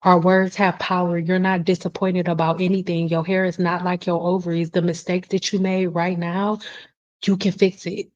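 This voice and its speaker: A woman's voice: fairly low pitch, level tone, moderate pace, darkish tone. Passionate, blunt woman on a muffled stream. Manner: blunt, passionate, swears freely. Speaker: hair care host answering live chat. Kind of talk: casual live stream chat. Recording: dull lo-fi stream audio.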